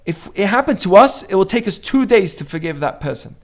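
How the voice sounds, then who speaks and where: This man has a high, sing-song voice and talks fairly quickly as he leads a casual Jewish teaching session. He chats with the group, asks them questions, and performs the lines of quoted dialogue.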